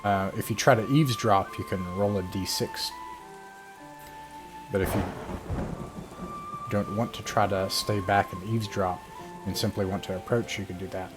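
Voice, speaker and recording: A male game master narrating a fantasy tabletop session from home through a computer mic. His voice sits on the low side, and he pauses often and hunts for words as he goes. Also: steady tone, music in the background. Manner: hesitant, many fillers and restarts. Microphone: computer mic on a video call.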